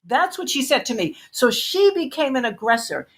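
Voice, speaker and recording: A woman's voice: sits high, sing-song, moderate pace, fairly bright tone, breathy edge. A woman interview guest giving intense, emphatic testimony, repeating phrases for weight.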